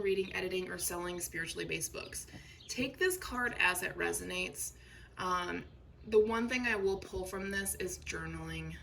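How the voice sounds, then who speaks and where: This tarot reader, a woman, speaks to her viewers in a casual, chatty and reassuring way, full of filler words and regular "okay?" check-ins. Her voice is medium in pitch with a fairly bright tone, picked up by a slightly distant mic with faint noise.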